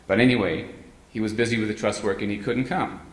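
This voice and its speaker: Low-voiced man telling stories in a roomy hall. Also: fairly even intonation, fast talker. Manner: rambling anecdotal delivery, frequent hesitant fillers. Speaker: guest speaker. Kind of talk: humorous storytelling talk to a live audience. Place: meeting hall with an audience. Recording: roomy hall sound with faint ambience.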